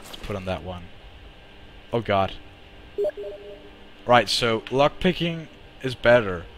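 A young man streaming a game live, swearing and reacting excitedly while chatting to his viewers. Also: fairly low pitch, slow pace, slight background noise. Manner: excitable, swears a lot, talks to chat. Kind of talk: live gameplay commentary.

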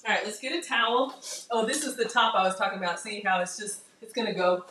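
A woman hosting a live-streamed cooking class from a home kitchen, chatty and excitable, talking straight to her viewers. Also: mid-range voice, quick pace, a little hiss or hum.

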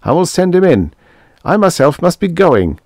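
A man's voice: on the high side, very animated, normal speed, a little mellow, dry recording, clean studio sound, voice pushed up. A man voicing a smug male army colonel who talks with boyish eagerness. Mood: polite.

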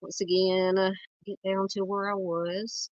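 A woman's voice: mid-range voice, level tone, no room sound, lo-fi sound. Congested Southern woman hosting a livestream. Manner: earnest, halting, many fillers, greets chat by name. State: nasal, scratchy voice from a cold. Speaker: true crime livestream host. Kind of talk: casual livestream talk.

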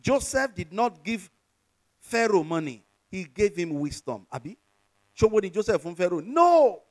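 A man's voice: high-pitched, lively intonation, normal speed. A Nigerian pastor, a man, preaching a sermon with call-and-response to his congregation and slipping from English into Yoruba.

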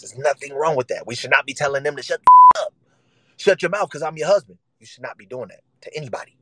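A man's voice: medium pitch, no room sound, poor audio. A man preaching a sermon in casual vernacular, emphatic and repetitive, acting out the voices he quotes.

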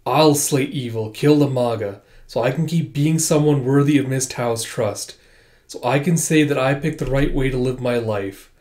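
A man's voice: mid-range voice, moderate pace, darkish tone, natural voice. A man reading as a fierce half-monster young fighter. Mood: determined.

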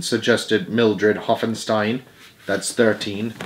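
A man's voice: lowish voice, fairly even intonation, slow. Man reading a storybook aloud. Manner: casual asides, stumbles and self-corrections. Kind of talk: reading a children's book aloud.

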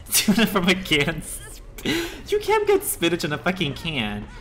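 A man live-streaming a video game, excitable and swearing often as he reacts loudly to play and talks back to chat. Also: high voice, takes it slowly.

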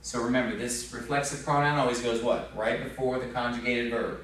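A man's voice: mid-range voice, level tone, a little fast, few pauses, a bit bright. A man teaching a Spanish class, explaining patiently and asking the class questions, with a frequent "okay?". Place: church classroom. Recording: very echoey classroom recorded from far off.

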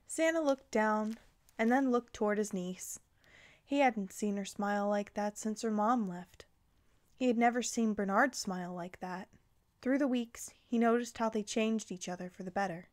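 A woman reading a fan fiction story aloud in a gentle, even storytelling voice. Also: a little high, moderate pace.

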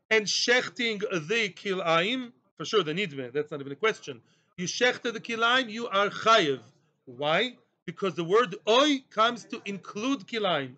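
A man teaching a daily Talmud class in mixed with Hebrew and Aramaic terms, with a lively, joking way of explaining. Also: high voice, lo-fi sound.

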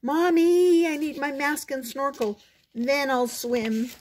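A whiny young boy frog, as a woman reads him aloud, squeaky and high above her own voice. He protests in slow, drawn-out complaints, reluctant and pleading. A storybook figure, childish and stubborn. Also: fairly even intonation, a little hiss or hum. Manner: whining, reluctant. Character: whiny young male frog who won't swim.

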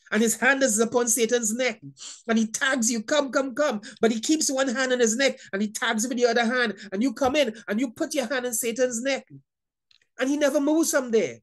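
Woman Bible teacher, higher voice, emphatic and repetitive sermon delivery, stammers on restarts.

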